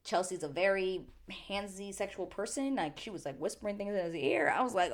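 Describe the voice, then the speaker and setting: Chatty young woman, animated recap. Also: fairly low pitch, fairly quick, few pauses, a little hiss or hum. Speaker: recap show host. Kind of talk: casual reality TV recap.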